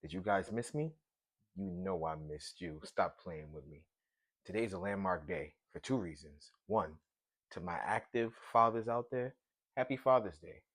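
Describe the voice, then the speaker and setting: A man's voice: sits low, lively intonation, normal speed, no echo. A man in his thirties from Brooklyn with a Brooklyn accent, hosting a solo podcast in a loose, slangy, profane riffing chat. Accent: Brooklyn New York. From Brooklyn, New York. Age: 30s. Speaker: podcast host.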